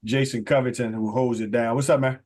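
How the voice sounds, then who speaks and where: A man's voice: medium pitch, steady tone, brisk, darkish tone. A man hosting a radio talk show, casual and joking, sometimes stretching words in a singsong announcer style.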